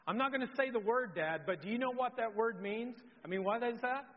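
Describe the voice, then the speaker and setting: A man's voice: extremely high pitch, brisk, pitched above the performer's own voice. A man doing a bossy, tattling ten-year-old girl. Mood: telling tales. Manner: self-important and scolding. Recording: dull sound with long hall reverb.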